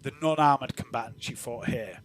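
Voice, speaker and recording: A man's voice: medium pitch, brisk. Easygoing male game master. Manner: relaxed, rambling with many fillers. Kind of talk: narrating a tabletop game.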